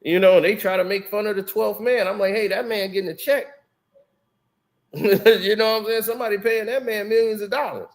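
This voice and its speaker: A man's voice: high-pitched, steady tone, fast. A man guesting on a casual podcast, telling stories animatedly with slang and frequent laughter. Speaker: guest, former basketball player.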